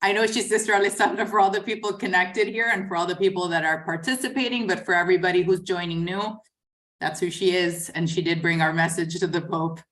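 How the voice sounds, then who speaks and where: A woman's voice: fairly low pitch, steady tone, fast talker, a bit bright. Woman moderator cutting in politely. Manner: polite, explanatory. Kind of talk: online session moderation.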